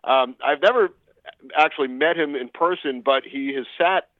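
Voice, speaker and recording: A man, a sports broadcaster being interviewed, telling stories in a measured way with many pauses. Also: a little high, no echo. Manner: measured storytelling with frequent "uh" pauses. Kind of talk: casual interview answers. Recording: tinny phone line.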